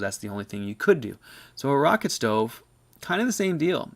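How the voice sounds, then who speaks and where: A man with a low, gravelly voice hosts a casual live chat. He explains things at length, restarting his sentences and circling back as he thinks aloud. His manner is relaxed and conversational. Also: a little fast. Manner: rambling, self-correcting, explanatory. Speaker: host of a live stove chat. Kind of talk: casual live-stream chat answering questions.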